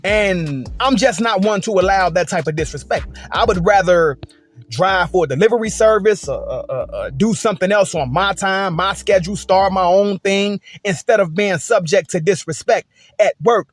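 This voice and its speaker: A man's voice: high voice, moderate pace, faint music behind. A man telling a work story and giving his opinion in a casual, emphatic, repetitive way. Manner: emphatic, repetitive, conversational with frequent "et cetera" and "okay?". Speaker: commentator.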